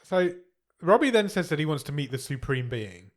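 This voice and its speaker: A man's voice: fairly high pitch, very animated, moderate pace. Wry man on a film podcast. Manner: wry, swears, laughs at the plot. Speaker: podcast co-host. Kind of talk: casual film chat.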